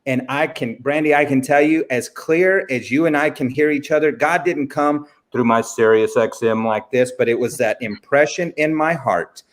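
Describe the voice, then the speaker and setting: A man's voice: mid-range voice, normal speed, hardly any pauses. A man as a guest in an interview, talking earnestly and a little like a preacher, often calling the listener "friend". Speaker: guest speaker. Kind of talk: casual faith interview.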